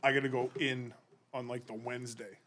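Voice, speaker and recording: A man's voice: mid-range voice, level tone, brisk, sharp tone. A man chatting casually on a podcast, telling stories with some swearing. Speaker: podcast co-host. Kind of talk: casual chat.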